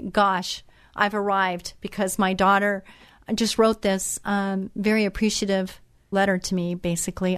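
A woman's voice: medium pitch, clean tone, dry recording, studio quality. A middle-aged woman hosting a radio show, chatting in a motherly way with many fillers and restarts. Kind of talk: casual chat.

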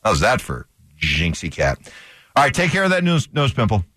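A man's voice: on the low side, wildly swooping pitch, normal speed, sharp tone, no room sound. A man hosting a sports radio show, bantering and teasing his co-host in casual chat on a studio microphone.

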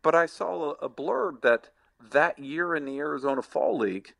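A middle-aged former ballplayer, now a sports agent, answering podcast questions in a halting, reflective way with many restarts. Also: male voice, on the high side, vocal fry, a bit bright.

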